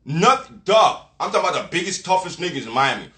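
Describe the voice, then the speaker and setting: A man's voice: high voice, big pitch swings, fast, pushed and bright. Profane, preachy man ranting in an echoey room. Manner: emphatic, profane, repetitive, preachy. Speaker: vlogger. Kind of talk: profane casual rant. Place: Miami.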